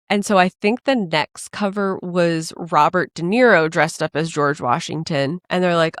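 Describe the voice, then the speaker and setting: A woman with a fairly low voice co-hosts a podcast in a casual chat. She tells stories with energy and acts out the people in them. The sound is dry and close, with no room in it. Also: normal speed, few pauses, no room sound. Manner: animated storytelling, acts out quoted people. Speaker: podcast co-host.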